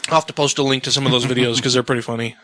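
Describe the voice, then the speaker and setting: A man co-hosting a casual podcast, ranting with lots of profanity and animated jabs. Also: mid-range voice, racing. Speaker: podcast co-host. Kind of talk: casual chat.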